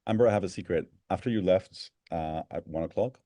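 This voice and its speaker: A man hosts a live online gathering over a video call, his voice low and warm in tone. He rambles, circles back and restarts his sentences. The sound is dry and close, with no room around it. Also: a little fast, no echo. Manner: rambling, warm-hearted, many restarts and fillers. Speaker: host of an online town hall.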